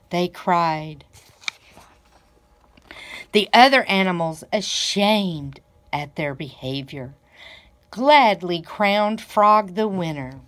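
A woman, a library director, reading a children's story aloud in a slow, deliberate storytelling manner. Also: on the low side, animated, fairly bright tone.

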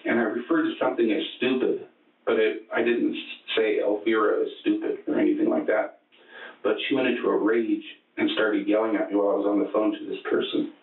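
Rambling, halting male suspect, low voice, phone-like interview tape. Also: steady tone, gravelly. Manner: rambling, halting, many restarts. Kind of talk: recounting events in a police interview. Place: police interview room. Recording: echoey, distant, phone-like interrogation room audio.

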